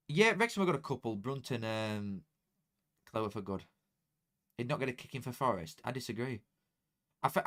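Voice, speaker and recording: A young man talking casually to viewers during a football watchalong, chatty and excitable, dropping into flat mutters and jumping to loud outbursts. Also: medium pitch. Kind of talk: casual live commentary to viewers.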